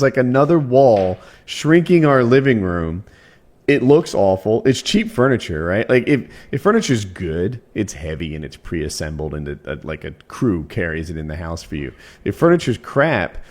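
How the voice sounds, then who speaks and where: Low-voiced, matter-of-fact podcast man. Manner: matter-of-fact, explaining his opinions with a lot of "right?". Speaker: podcast host. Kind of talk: casual chat.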